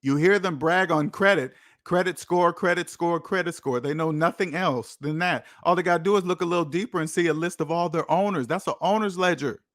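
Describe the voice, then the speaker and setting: Emphatic high-voiced man lecturing. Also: fairly quick, few pauses, a bit bright, dry recording, studio quality. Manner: repetitive, emphatic, preachy. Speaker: channel host. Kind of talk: casual monologue to camera.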